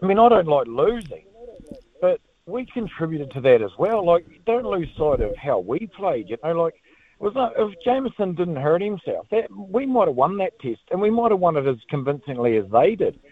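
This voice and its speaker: A man with a New Zealand accent calling in to a sports radio show. He talks in a rambling, slangy, excitable way. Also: a little high, normal speed. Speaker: caller. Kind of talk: phone-in chat. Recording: tinny phone line.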